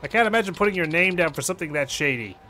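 A man's voice: on the high side, animated, rapid-fire, pushed and bright, slight background noise, pitched above the performer's own voice. A man voicing a brash, chatty young male club manager in a game playthrough.

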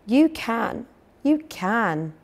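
A woman's voice: mid-range voice, slow. A woman reading as an eager young schoolgirl. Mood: insistent. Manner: insistent, excited.

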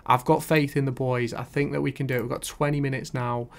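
A man's voice: medium pitch, little pitch movement, quick pace, vocal fry. Male gaming YouTuber, casual play-by-play over a football management game, thinks aloud. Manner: commentates play-by-play, thinking aloud about tactics.

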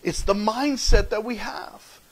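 A man preaching a sermon as pastor, emphatic and repeating key phrases, swinging between loud and soft. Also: sits high, unhurried, low-quality recording.

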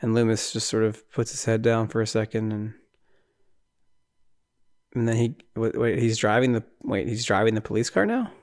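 A man's voice: on the low side, normal speed, pauses often. A man hosting a podcast, casually recapping a horror film scene by scene, rambling and incredulous, often laughing. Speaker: podcast host.

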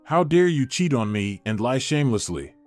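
A man's voice: mid-range voice, big pitch swings, normal speed, darkish tone, no echo, soft background music, lightly acted. A man voicing a heartbroken young man who pleads with his unfaithful fiancée. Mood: hurt. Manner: pleading, hurt.

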